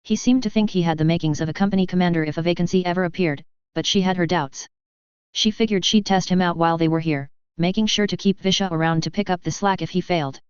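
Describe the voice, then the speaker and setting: A steady storyteller reads a fan fiction aloud, very smooth and clear. The sound is dry with no room, and a touch dull and lo-fi. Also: mid-range voice, fast, no room sound. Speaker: narrator. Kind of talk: audiobook fan fiction reading. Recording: dry, slightly dull lo-fi recording.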